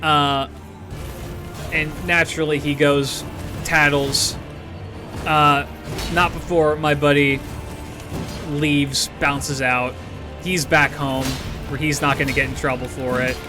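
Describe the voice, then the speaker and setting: A man's voice: a little high, level tone, slow, pauses often, music in the background. A man streaming a game while telling a story in a rambling, profane way, full of restarts. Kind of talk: casual storytelling while gaming.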